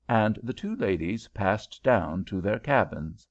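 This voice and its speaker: A male audiobook narrator with an expressive storytelling delivery. His low, gravelly voice moves widely in pitch, and the recording sounds dull. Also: takes it slowly, few pauses.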